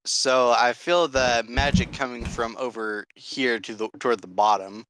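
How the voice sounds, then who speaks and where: A man's voice: mid-range voice, steady tone, unhurried, a bit bright, a little hiss or hum, poor audio. A man playing a tabletop game, asking hesitant questions about his turn. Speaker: player.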